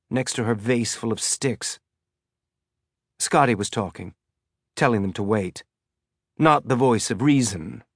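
A man reads an audiobook in a steady, measured storytelling voice of middling pitch. The recording is close and dry, with no room echo. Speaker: audiobook narrator. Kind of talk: scripted audiobook narration.

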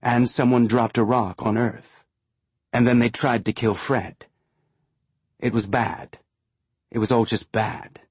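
A man's voice: mid-range voice, fairly even intonation, slow pace, pauses often, darkish tone, breathy edge, no room sound. A man voicing a shaken captain under fire.

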